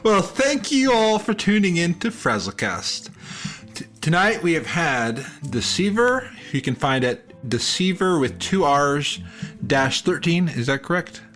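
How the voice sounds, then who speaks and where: A man hosting a casual gaming podcast, playful and quick to giggle. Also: fairly high pitch, sing-song, a bit bright, soft background music. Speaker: podcast host.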